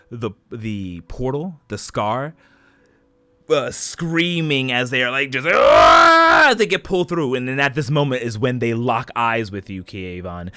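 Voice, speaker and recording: A man as game master, narrating a tabletop game dramatically with halting fillers. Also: medium pitch, fairly bright tone, no room sound.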